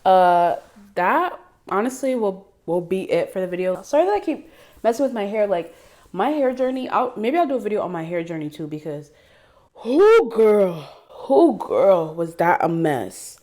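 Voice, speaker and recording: A woman's voice: medium pitch, animated, a little fast, darkish tone. A young woman chatting to camera in a casual vlog, bubbly and giggly, with lots of fillers, recorded indoors at home. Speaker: vlogger.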